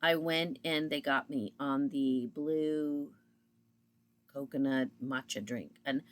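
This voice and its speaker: A woman's voice: extremely low pitch, fairly even intonation, slow pace. A woman in her fifties telling a story in a casual, chatty monologue, acting out both sides of the conversations as she goes. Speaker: vlogger.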